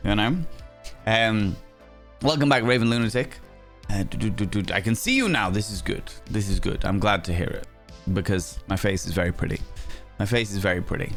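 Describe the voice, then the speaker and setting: A man's voice: expressive, fairly quick, creaky, a bit bright, faint music behind. A young man chatting playfully on a live stream, teasing viewers, a bit under the weather with sore sinuses. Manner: playful, teasing, theatrical swings in pitch. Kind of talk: casual live-stream chat.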